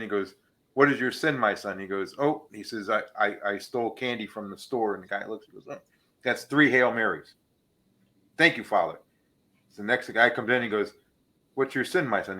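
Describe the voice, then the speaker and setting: A man's voice: lowish voice, moderate pace, bright, forceful tone. A man hosting a casual podcast, telling jokes and laughing at his own punchlines. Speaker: podcast host.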